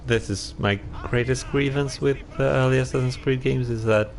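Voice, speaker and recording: A man's voice: medium pitch, normal speed. A man casually commenting on his gameplay, musing aloud and reacting to himself as he plays. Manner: relaxed, musing, talks to himself while playing. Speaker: game streamer.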